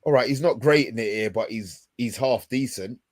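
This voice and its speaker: A man's voice: mid-range voice, normal speed. A young man co-hosting a casual football chat, restarting his sentences often and using loose slang. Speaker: podcast co-host.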